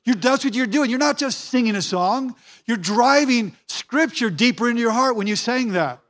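Man, pastor, high-pitched voice, emphatic sermon, repeats phrases, acts out quoted voices. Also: animated, moderate pace, a bit bright.

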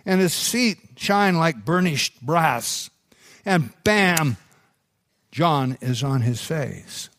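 Slow, unhurried pastor preaching a sermon. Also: male voice, on the high side, no room sound, studio quality. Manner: unhurried storytelling delivery with restarts.

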